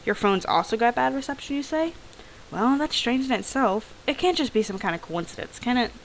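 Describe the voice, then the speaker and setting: A woman's voice: fairly high pitch, animated, fairly quick, slight background noise, poor audio. Grumpy old engineer, as a woman reads him. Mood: suspicious. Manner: gruff, muttering, old-fashioned complaints. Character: grumpy older engineer grumbling about gadgets. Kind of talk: reading game dialogue aloud.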